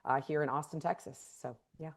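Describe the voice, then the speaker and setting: A woman's voice: deep voice, fairly even intonation, fairly quick. A woman director from the San Francisco Bay Area, chatting thoughtfully with plenty of fillers in a video call interview. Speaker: film director. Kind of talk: casual interview chat. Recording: remote video call audio.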